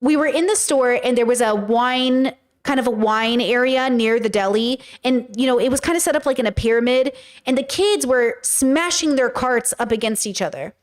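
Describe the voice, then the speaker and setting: A woman's voice: on the high side, moderate pace. A woman streaming casual commentary, talking bluntly and with profanity as she tells stories with animation.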